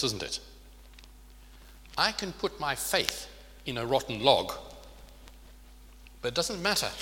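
A man's voice: mid-range voice, sharp tone, a little hiss or hum. A man preaching a sermon in an earnest way, often asking his listeners rhetorical questions. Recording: long reverb of a large hall.

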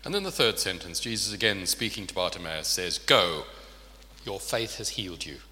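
A man's voice: low voice, animated, normal speed, bright, forceful tone. A man preaching a sermon in an earnest way, often asking his listeners rhetorical questions. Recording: long reverb of a large hall.

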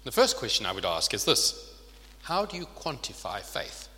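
A man's voice: mid-range voice, huge pitch swings, normal speed, sharp tone. A man preaching a sermon in an earnest way, often asking his listeners rhetorical questions. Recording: long reverb of a large hall.

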